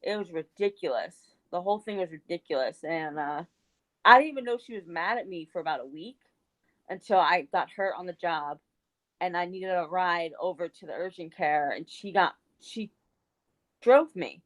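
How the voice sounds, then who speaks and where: A woman's voice: on the low side, animated, moderate pace, a bit bright, rough recording. A woman co-hosting a casual chat show, telling a long personal story with many fillers. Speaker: co-host.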